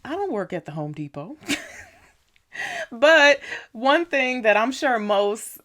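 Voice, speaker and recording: Chatty woman telling a story. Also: slow pace. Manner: chatty, animated storyteller with frequent "you know" and "right?"; acts out dialogue with raised pitch when riled up. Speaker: vlogger. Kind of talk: casual storytelling vlog.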